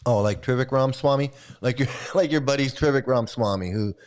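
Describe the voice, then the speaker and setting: A man's voice: medium pitch, a little fast, darkish tone. A man hosting a commentary channel, giving an angry, profane and mocking rant. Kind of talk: ranting commentary.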